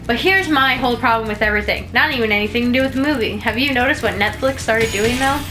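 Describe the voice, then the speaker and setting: A woman's voice: fairly high pitch, fast talker, music in the background, rough recording. A woman co-hosting a gaming video, chatting casually and rambling with frequent laughs. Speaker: let's play co-host. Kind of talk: casual chat while gaming.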